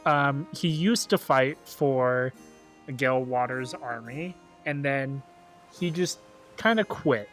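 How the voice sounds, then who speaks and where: A man's voice: medium pitch, slow, a bit bright, soft background music. A young man casually describing his character during a tabletop game. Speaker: player.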